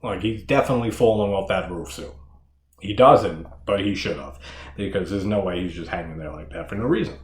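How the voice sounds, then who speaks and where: A man's voice: low voice, animated, a little fast. A man reviewing a horror movie in casual, rambling talk, swearing often and laughing as he goes. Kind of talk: casual solo movie discussion. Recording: echoey room.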